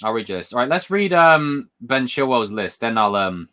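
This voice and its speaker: A young man hosting a casual livestream, talking excitably and rambling, often repeating himself. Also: mid-range voice, normal speed. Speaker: livestream host. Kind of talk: casual live-stream chat.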